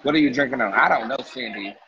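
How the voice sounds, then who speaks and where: A man's voice: mid-range voice, quick pace, bright, forceful tone, dull audio, a little hiss or hum. A man hosting a casual livestream from a restaurant, talking in a sassy, profane, playful way. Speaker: livestream host. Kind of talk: casual livestream eating chat.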